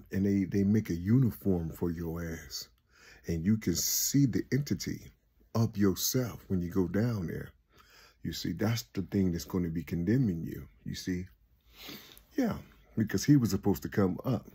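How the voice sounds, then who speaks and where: A man with a low, husky voice talks through a casual spiritual monologue. He rambles and preaches, leans on the same phrases again and again, and climbs to raised exclamations. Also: dark tone. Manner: rambling and preachy, repeating "you see", building to raised exclamations. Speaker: host.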